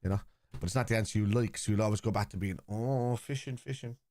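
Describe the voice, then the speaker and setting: In a casual live-stream chat, a middle-aged football watchalong host reads viewers' comments aloud and fires back bluntly, even combatively. His voice is on the low side, level and darkish, delivered rapid-fire in a dry, clean studio recording.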